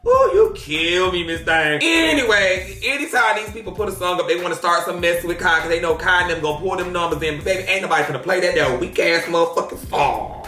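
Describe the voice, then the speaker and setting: High, bright, brash male commentator. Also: quick pace, hardly any pauses, echoey room, faint music behind. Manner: brash, profane, theatrical, shouts often. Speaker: host. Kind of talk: drama commentary.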